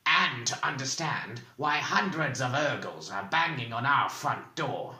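A man's voice: medium pitch, expressive, a little slow, pushed and bright, reverberant, heavily acted. Man putting on a cold, cunning bald interrogator. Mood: stern. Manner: commanding, cold, clipped.

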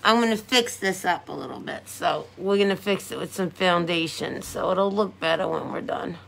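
A woman's voice: on the low side, moderate pace, vocal fry, a bit bright. A middle-aged woman chatting casually with viewers on a live stream as she does her makeup, giggling and talking to her audience as she goes. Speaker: makeup vlogger.

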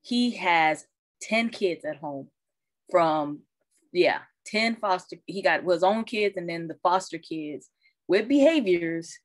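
A woman who is a parent and social worker, talking candidly and colloquially in casual chat, animated when she retells what others said. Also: lowish voice, slow pace, no room sound. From Arizona. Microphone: video call.

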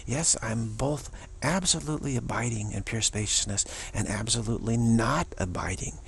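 A man giving a spiritual talk as a teacher, musing and repeating himself, with many restarts and drops into soft whispers. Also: medium pitch, moderate pace, vocal fry, slight background noise.

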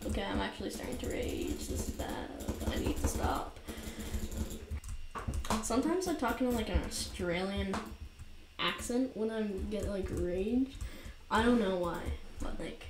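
A woman chatting loosely over her gameplay, stringing thoughts together with lots of fillers and poking fun at herself. Her voice bounces around a bare basement room, with a steady hiss and mouse clicks underneath. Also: mid-range voice, measured pace. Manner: rambling, filler-heavy, self-mocking, easily frustrated. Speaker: gaming commentator. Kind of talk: casual gameplay commentary. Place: cold basement room by a window. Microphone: new USB desk mic. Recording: roomy echo with noisy background.

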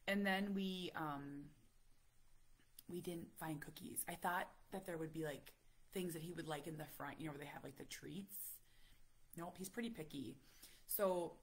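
Chatty husky-voiced woman. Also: deep voice. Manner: chatty, lots of "like", animated storytelling. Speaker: vlogger talking to live viewers. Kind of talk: casual live chat.

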